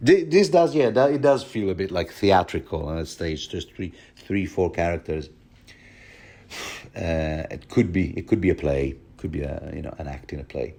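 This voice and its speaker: Low-voiced guy riffing on a book chapter, chatty and jokey, lots of asides. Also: lively intonation, moderate pace, a little mellow. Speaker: podcast host. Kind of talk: casual chapter commentary.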